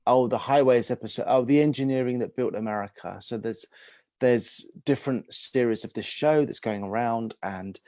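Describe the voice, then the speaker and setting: A man's voice: medium pitch, moderate pace, warm tone, no echo. Agent guy in an interview, lots of ums and restarts, dry recording. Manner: hesitant, many restarts and fillers. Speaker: guest talent agent. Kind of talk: casual interview.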